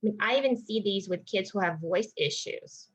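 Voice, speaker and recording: A woman's voice: mid-range voice, normal speed, slightly rough, rough recording. A woman speech therapist explaining strategies to parents in an informal, thinking-aloud teaching talk with frequent restarts.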